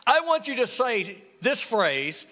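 A man's voice: very high voice, very animated, slow pace, pushed and bright. A male pastor, preaching a sermon in a church with humor and call-and-response. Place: church sanctuary. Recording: reverberant church hall.

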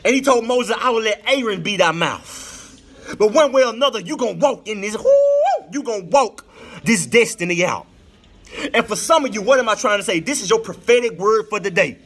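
A man preaches a sermon in a very high voice. His sing-song cadence keeps swinging up and down. His passion climbs into shouted lines. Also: sing-song, moderate pace, husky. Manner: impassioned, rising to shouts.

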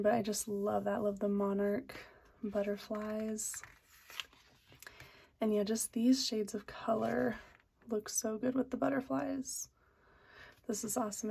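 A woman's voice: on the high side, gravelly, warm tone, husky. A young woman hosting her own planner channel, chatting with enthusiasm as she flips through a sticker book, laughing now and then and saying um often. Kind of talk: casual product flip-through.

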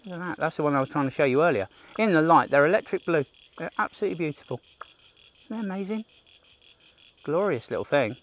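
A man's voice: on the high side, expressive, quick pace, pauses often, fairly bright tone. A man leading a livestreamed nature walk for children outdoors, enthusiastic, talking straight to the viewer and gasping at what he finds. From Australia. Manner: enthusiastic, talks to the viewer, jokes and gasps at finds.

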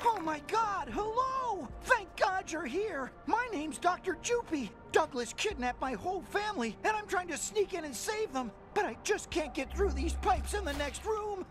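A woman's voice: very high-pitched, lively intonation, normal speed, hardly any pauses. A woman voicing a jittery, grateful little male alien doctor in a video game, talking in a frantic, gushing way. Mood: panicky. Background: game music.

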